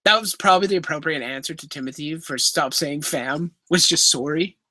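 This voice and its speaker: A man's voice: fairly high pitch, brisk, bright, forceful tone, dry recording. A man, hosting a casual livestream Q&A, reading chat questions aloud in a chatty, apologetic way. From Canada. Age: 20s. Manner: chatty, apologetic, easily laughing. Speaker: livestream host.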